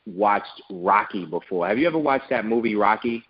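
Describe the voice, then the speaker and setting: A man's voice: fairly low pitch, animated, normal speed, dull audio, crowd noise. A man who owns a business, telling an emphatic motivational story in an interview. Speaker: guest, business owner.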